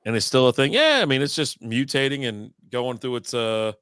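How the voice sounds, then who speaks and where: Bright-voiced swearing man telling stories. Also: medium pitch, animated, normal speed, clean tone, dry recording. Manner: rambling storyteller, swears freely, laughs at his own stories. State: recovering from illness. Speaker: co-host of a beer and sports stream. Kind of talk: casual chat.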